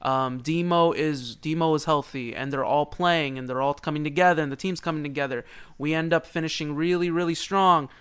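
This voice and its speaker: A man co-hosting a casual sports podcast, excitable and rambling, laughing often. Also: on the high side, brisk, clean tone. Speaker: podcast co-host.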